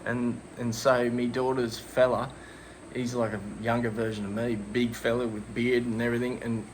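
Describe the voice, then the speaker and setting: A man's voice: mid-range voice, little pitch movement, normal speed. Man, Australian accent, middle-aged, podcast co-host, rambling comic storyteller, crude slang, faint noise. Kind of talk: casual comedic storytelling.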